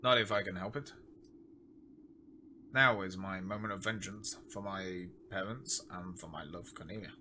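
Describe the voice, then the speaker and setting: A man voicing a young lover bent on vengeance, earnest and lower than his own voice. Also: normal speed, bright, forceful tone, a little hiss or hum. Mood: vengeful. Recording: game music underneath.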